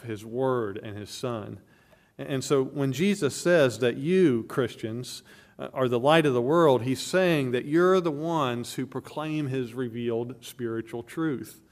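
A man preaching a sermon from the pulpit, emphatic and earnest, often restarting his phrases. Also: medium pitch. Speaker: pastor.

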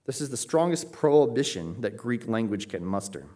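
A man's voice: medium pitch, very animated, normal speed, dark tone. Emphatic male preacher teaching scripture. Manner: emphatic teaching, frequent "right?" check-ins; rises sharply when acting out quoted pleas. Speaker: pastor. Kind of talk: expository sermon.

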